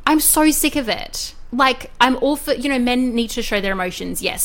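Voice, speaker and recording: A woman's voice: on the high side, animated, moderate pace, few pauses. A woman co-hosting a podcast, talking in a heated, outspoken way and swearing often. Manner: heated, swears, mimics politicians. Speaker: podcast co-host. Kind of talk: casual podcast chat.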